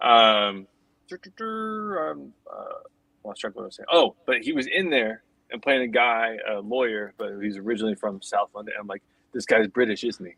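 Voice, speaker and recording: Husky-voiced male streamer. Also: fairly low pitch, lively intonation, normal speed, pushed and bright, no echo, rough recording. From United States. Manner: joking, rambling, self-interrupting. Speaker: co-host. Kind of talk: casual livestream chat.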